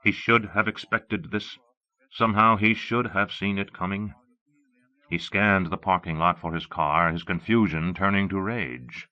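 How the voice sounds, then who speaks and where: A man narrating an audiobook in a measured, expressive reading. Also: low voice. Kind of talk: scripted narration. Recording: dull lo-fi cassette audio.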